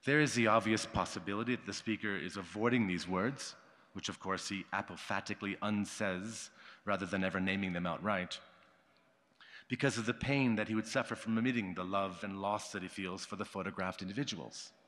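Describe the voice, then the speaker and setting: A man giving a conference talk, reading a prepared academic paper in a formal, measured way and marking quotations aloud. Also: lowish voice, fairly even intonation, fairly bright tone. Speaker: conference speaker. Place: conference hall. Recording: long hall reverb.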